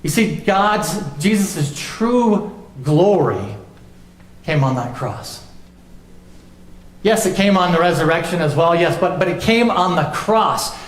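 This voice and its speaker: A young adult man, a pastor, preaching a sermon with emphatic swings and soft low drops on key lines. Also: lively intonation, slow pace, long pauses. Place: church sanctuary. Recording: echoey church room.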